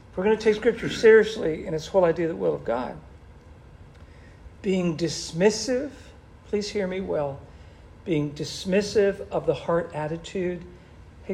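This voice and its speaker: A man preaching a sermon in an animated, conversational way, with a gravelly voice. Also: high-pitched. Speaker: pastor.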